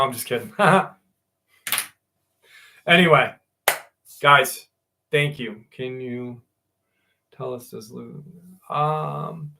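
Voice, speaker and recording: A man's voice: medium pitch, creaky, bright, forceful tone. A man hosting a live stream, chatting loosely with viewers, swearing and laughing easily. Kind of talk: casual sign-off chat with viewers.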